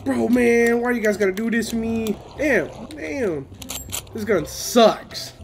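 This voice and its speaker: A young man giving gameplay commentary, excitable, swearing and yelling at the game, on a headset. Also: very high voice, slow, gravelly, background noise. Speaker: gamer. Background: game music.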